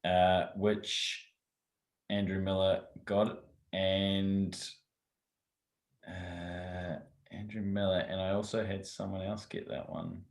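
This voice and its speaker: A man's voice: sits low, little pitch movement, takes it slowly. A man co-hosting a golf podcast in casual chat, hesitant and correcting himself as he answers. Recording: echoey room sound.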